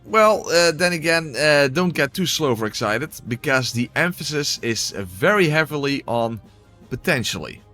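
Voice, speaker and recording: A man's voice: medium pitch, expressive, moderate pace, bright, forceful tone, faint music behind. A man giving casual gameplay commentary and voice-over narration, exclamatory, swearing, with wry asides.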